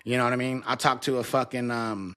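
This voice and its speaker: A man's voice: mid-range voice, steady tone, fast talker, pushed and bright. A man in his thirties or forties hosting a casual solo podcast, venting frankly and with heavy swearing, recorded alone in his home basement while talking to a camera. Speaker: podcast host.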